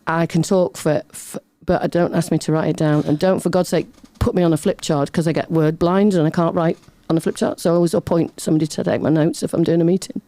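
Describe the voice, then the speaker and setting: Middle-aged woman rambling on in an interview, mellow voice, dry close sound. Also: low-pitched, fairly even intonation, fast talker, few pauses, no room sound. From Britain. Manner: chatty, rambling storyteller. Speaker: podcast guest. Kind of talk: casual interview chat.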